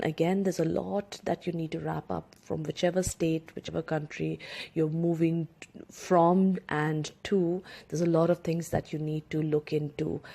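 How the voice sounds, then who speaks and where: Career coach, woman from India, low-pitched and warm, chatty with fillers. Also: creaky. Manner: chatty, many fillers and restarts. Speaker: career coach, former cabin crew. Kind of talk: instructional talk to camera.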